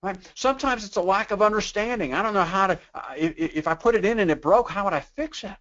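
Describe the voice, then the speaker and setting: A man's voice: high-pitched, quick pace, a bit bright, muffled recording. A man giving a sales training webinar in a conversational way, tossing out rhetorical questions and acting out customers in quoted voices.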